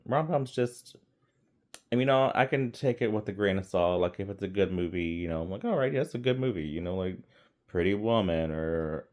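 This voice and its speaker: A man's voice: low-pitched, a little mellow. A man casually reviewing a romantic comedy in a rambling, laid-back way, with frequent fillers and small laughs. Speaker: movie reviewer. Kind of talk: casual film review vlog.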